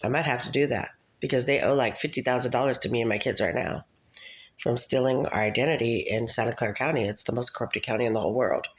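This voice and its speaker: A woman's voice: very deep voice, fast, rough recording. A woman in her thirties, a mother talking straight to her viewers in a rambling, scattered way, often breaking into laughter. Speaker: vlogger, mother. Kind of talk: rambling casual monologue.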